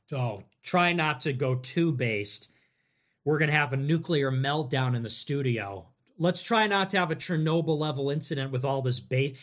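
A man's voice: a little high, sharp tone. A man hosting a livestream, reacting to viewer messages in casual commentary. He talks in a sarcastic, rambling way and laughs often. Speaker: livestream host.

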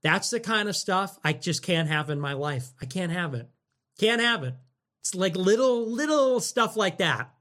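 Young male podcast host, high voice, ironic, profane, meandering solo talk. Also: animated, normal speed, a bit bright. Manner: profane, ironic and rambling, with mock voices for quoted people. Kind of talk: casual rambling monologue.

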